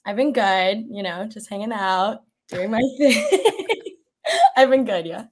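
A woman's voice: medium pitch, a little slow. Brief: female podcast guest, chatty, lots of "like" fillers, easy laughter. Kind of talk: casual podcast chat.

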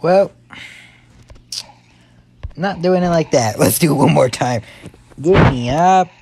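A young man giving excitable let's-play commentary, yelping and muttering to himself as he plays. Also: a little high, slow, gravelly, slightly rough. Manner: excitable, yelps and mutters to himself while playing. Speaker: gaming YouTuber.

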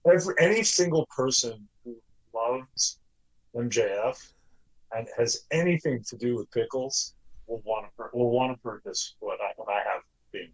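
A man's voice: mid-range voice, moderate pace, slightly rough, low-quality recording. A man who owns a small business, a guest in a casual interview, telling stories animatedly and often repeating his words. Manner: animated storyteller, repeats himself.

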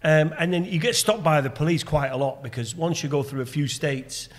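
Man, podcast co-host, fast storytelling, slightly high voice, reverberant room. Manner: storytelling, quick and animated. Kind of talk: casual pub chat.

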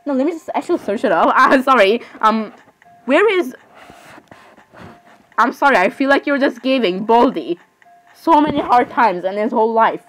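A woman's voice: a little high, animated, brisk, a bit bright, soft background music, low-quality recording. A teenage girl chatting casually on her vlog, rambling and dramatic, full of restarts and repeated apologies. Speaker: vlogger.

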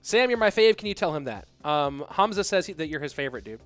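A man hosts a live stream from his home setup, talking straight to his viewers as a stream host and caster, rambling and joking casually. His voice is fairly high and sing-song, he talks fast, and faint music plays behind him.

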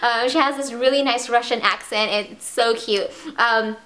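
A woman's voice: fairly high pitch, fairly even intonation, moderate pace, noisy background. A young woman chatting casually in a beauty vlog, bubbly and gushing, with many ums and restarts. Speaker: beauty vlogger. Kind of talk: casual monthly favorites vlog.

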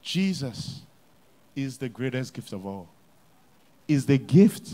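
A man preaching a sermon as pastor in a church, with a Nigerian English accent, repeating key lines and swinging from hushed to loud. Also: medium pitch, sing-song, slow pace, pauses often.

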